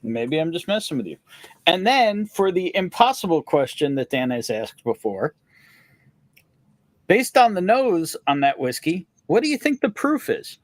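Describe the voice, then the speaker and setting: Man, livestream host, casual joking chat, high voice, very lively pitch. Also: measured pace, no room sound. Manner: playful, joking, greets viewers.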